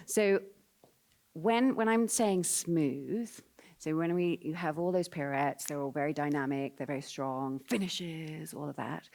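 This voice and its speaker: A woman's voice: deep voice, darkish tone. A woman coaching a ballet dancer in a live rehearsal. She sings the counts and gives coaxing, encouraging corrections. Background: faint piano.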